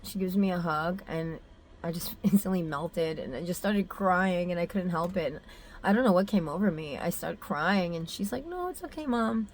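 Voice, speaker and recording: A woman's voice: lowish voice, fairly even intonation, normal speed, darkish tone, a little hiss or hum. A young adult woman telling a personal story in a candid, emotional vlog, full of fillers and restarts. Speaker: mother sharing a personal story.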